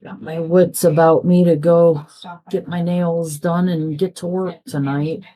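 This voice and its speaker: A woman's voice: fairly low pitch, level tone, measured pace, mellow. A middle-aged woman chatting casually while crafting, rambling from story to story and acting out what people said. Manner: chatty, rambling, acts out quoted dialogue. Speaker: crafting vlogger.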